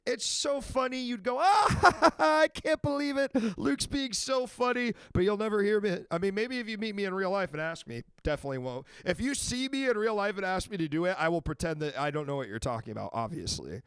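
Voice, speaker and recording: A man in his thirties hosting a call-in show, ranting loudly and swearing in casual banter. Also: sits high, fast talker, hardly any pauses, clear, resonant tone, no echo, clean studio sound. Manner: loud, swearing, animated rants.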